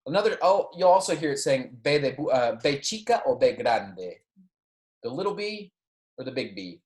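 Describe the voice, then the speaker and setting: A man's voice: medium pitch, big pitch swings, a little mellow, reverberant. A man teaching as a Spanish instructor in a recorded lecture, patiently modeling sounds and correcting himself as he goes. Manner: patient, modeling pronunciation slowly, self-correcting.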